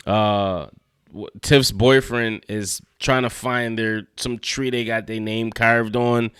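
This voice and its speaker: A man with a smooth, slightly low voice gives a relaxed, slangy recap of a TV episode. He chuckles as he retells scenes. The sound is dry and close, with no room around him. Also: no echo. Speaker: TV show reviewer. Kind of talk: casual recap and review.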